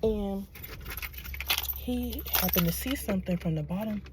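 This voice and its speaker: A woman tells a rambling story to her viewers from her car, dropping to a hush and then rising to loud, excited disbelief. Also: medium pitch, heavy background noise. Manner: excitable, rambling, quick to swing between hushed and loud. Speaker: vlogger. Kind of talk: casual storytelling to camera. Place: in a car at a shop, then parked.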